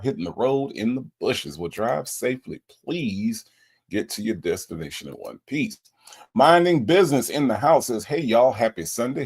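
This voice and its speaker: A man hosting a livestream, casually greeting viewers and reading their comments with playful energy. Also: mid-range voice. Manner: animated, lively, playful with repeated greetings. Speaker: livestream host.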